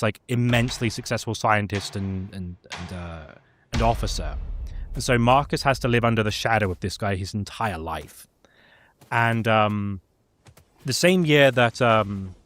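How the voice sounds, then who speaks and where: A gaming lore presenter with a lowish, slightly bright voice casually recaps a video game's story. His delivery is chatty and full of fillers.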